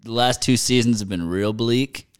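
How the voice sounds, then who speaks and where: A man co-hosting a casual podcast, cracking jokes and swinging from loud quips to mumbled asides. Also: medium pitch, normal speed, smooth. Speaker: podcast co-host. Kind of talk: casual banter.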